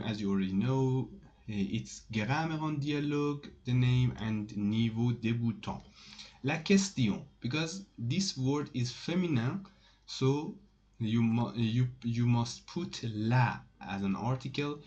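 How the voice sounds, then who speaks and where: A man teaching French in a casual spoken lesson, pausing often with fillers and restarts and repeating example sentences aloud. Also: mid-range voice, a little mellow, dull audio.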